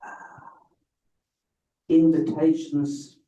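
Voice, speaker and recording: A man, a rabbi, giving a public lecture with slow, deliberate, emphatic phrasing. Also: a little high, flat delivery, mellow, recorded from a distance, slight background noise. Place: event hall with a live audience. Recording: roomy, slightly muffled hall sound.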